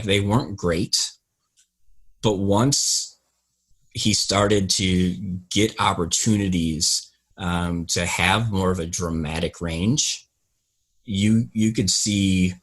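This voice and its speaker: A deep-voiced man with a husky, breathy edge talks through a film in casual podcast chat. He speaks slowly and builds his points step by step in a measured, reflective way. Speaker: podcast co-host.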